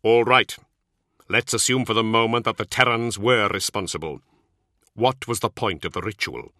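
A man voicing a gruff, impatient commanding lord who speaks curtly and demands answers. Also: on the low side, normal speed, bright, forceful tone, no echo, studio quality. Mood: stern.

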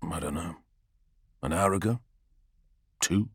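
A man reading an audiobook, voicing a stern male warrior captain who speaks low, quiet and clipped. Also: slow pace, creaky, husky, dry recording, clean studio sound, exaggerated voice. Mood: grim. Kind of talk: audiobook character voice.

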